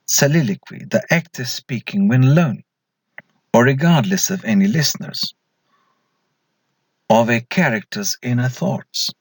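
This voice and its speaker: Slow, husky male lecturer. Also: medium pitch, expressive, no echo. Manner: slow, deliberate, poses questions then answers them. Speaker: English lecturer. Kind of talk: recorded slide lecture.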